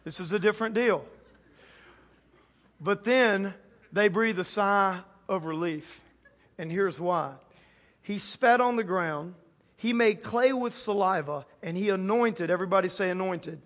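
A man preaching a lively sermon to a church audience, joking and acting out quotes in a playful way. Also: high voice, unhurried. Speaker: pastor.

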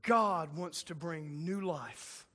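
A man preaching a sermon in an energetic, casual way, dropping slang asides as he goes. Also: fairly high pitch, slow, slightly rough.

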